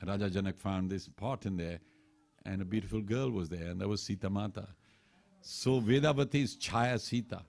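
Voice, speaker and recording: A man's voice: lowish voice, moderate pace, darkish tone. A man giving a sermon at a temple, telling scripture stories and acting out the characters' lines. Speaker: temple speaker. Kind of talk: storytelling sermon. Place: temple hall.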